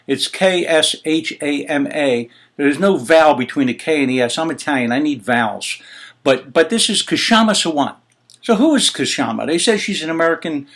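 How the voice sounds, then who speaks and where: A man in full rant mode as host of his own commentary show, pitched a little above the usual male range. He sounds exasperated and indignant, firing off rhetorical questions and the odd curse. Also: fairly bright tone. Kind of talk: heated opinion commentary.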